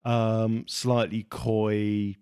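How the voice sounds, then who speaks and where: A man's voice: on the low side, level tone, very slow, a little mellow, clear, resonant tone. A man co-hosting a podcast, talking through a film in a thoughtful, musing way. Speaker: podcast co-host. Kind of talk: casual film discussion.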